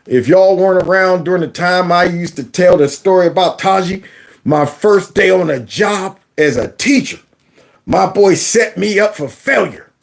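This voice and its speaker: A man's voice: high-pitched, normal speed, gravelly. A man hosting a political commentary vlog, folksy and storytelling, who keeps calling his audience y'all. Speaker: host.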